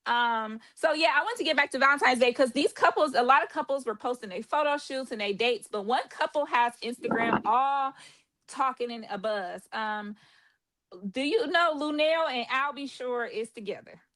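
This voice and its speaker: A chatty woman hosts a podcast, her voice bright and clear with a slightly raised pitch. She rambles through plugs and gossip, filling every pause with "um". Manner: chatty, promotional, frequent "um" fillers. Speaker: podcast host. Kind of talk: casual chat.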